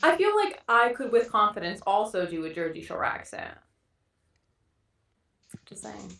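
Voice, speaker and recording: A young woman with a bright, forceful voice talks casually, giggling and poking fun at herself as she chats. She sits a little back from the microphone, and her voice rings in a roomy, echoey space. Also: mid-range voice, big pitch swings, measured pace, vocal fry, recorded from a distance. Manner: giggly, self-deprecating, swears casually. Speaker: podcast guest. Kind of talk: casual chat. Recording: roomy echo, a bit off-mic.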